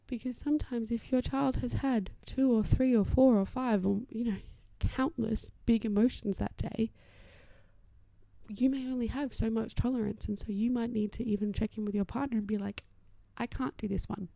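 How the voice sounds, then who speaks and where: A young woman talks through parenting strategies on her solo podcast. Her voice is deep-toned and mellow with a gravelly edge, and it sounds dry and close. She is chatty and reassuring and often drops to a soft whisper. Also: fairly even intonation, moderate pace, dry recording. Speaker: occupational therapist podcast host.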